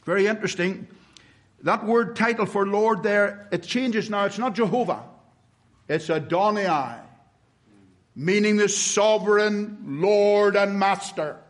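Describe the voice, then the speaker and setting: A man preaching a sermon to a congregation, stressing words slowly and asking rhetorical questions. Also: sits high. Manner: emphatic, with slow drawn-out stresses and rhetorical questions.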